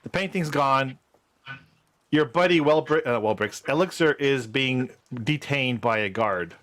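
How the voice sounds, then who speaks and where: A man's voice: medium pitch, expressive, a little slow, a bit bright, slight background noise. A man acting as game master over a video call, casually describing scenes and explaining rules to young players with plenty of fillers.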